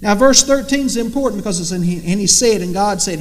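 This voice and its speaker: Male preacher, high-pitched, emphatic, rhetorical; reverberant sanctuary. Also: fast, few pauses. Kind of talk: sermon. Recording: long reverb in a hall.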